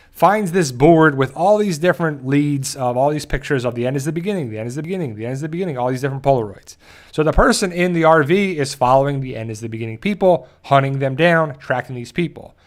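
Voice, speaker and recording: A man hosting a channel, casually recapping an episode in a rambling way and briefly acting out the characters' lines. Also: medium pitch. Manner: rambling, with frequent restarts and quick acted-out quotes. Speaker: show host.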